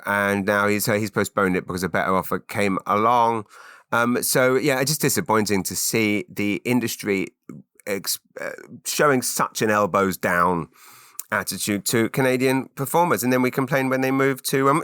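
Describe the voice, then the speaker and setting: A man's voice: lowish voice, sharp tone, no echo, studio quality. A man hosting a solo podcast, jumping between tangents and jokes. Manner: tangential, jokey, many fillers and restarts. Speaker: podcast host.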